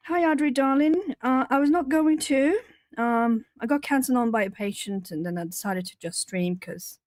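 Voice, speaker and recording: A woman's voice: on the high side, moderate pace, darkish tone, dry recording. Chatty Brazilian-born woman, dry close mic. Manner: chatty, laughs often, reads out and answers viewer comments. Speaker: artist streamer. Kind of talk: casual live-stream chat while colouring.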